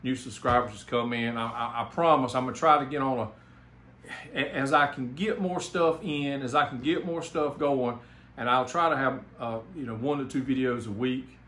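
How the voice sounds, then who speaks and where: A man's voice: mid-range voice, moderate pace, a bit bright. Rambling Southern man in an echoey room. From South Carolina. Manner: rambling, enthusiastic, many fillers and restarts. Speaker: home theater YouTuber. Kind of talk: casual channel update. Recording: echoey room, faint background noise.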